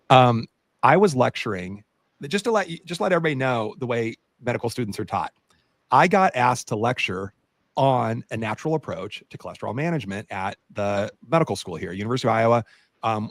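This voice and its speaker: A man co-hosting a podcast, a doctor telling an animated story in casual chat with many fillers. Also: on the low side, dry recording.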